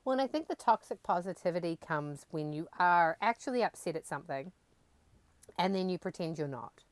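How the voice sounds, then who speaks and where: A woman co-hosting a casual podcast chat, chatty and quick to act out small everyday scenes. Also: on the low side, animated, no room sound. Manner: chatty, acts out little quoted scenes. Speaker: podcast co-host.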